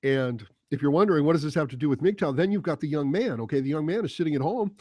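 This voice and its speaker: A man with a fairly high-pitched voice for a man, ranting in a blunt, sarcastic, rambling way. The sound is close and dry, with no room echo. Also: animated, fast, mellow. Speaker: host. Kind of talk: opinion rant vlog.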